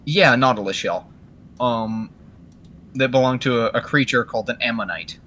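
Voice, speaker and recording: A man's voice: medium pitch, moderate pace, a bit bright, a little hiss or hum. A man chatting casually on a podcast, rambling and searching for words with many fillers. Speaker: podcast co-host. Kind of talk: casual chat.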